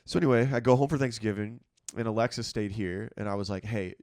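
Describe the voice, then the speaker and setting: Male podcast host, deep, smooth voice, dry close mic, easygoing, cursing, lots of ums. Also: fast, dry recording. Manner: relaxed, filler-heavy, swears freely. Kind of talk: casual conversational chat.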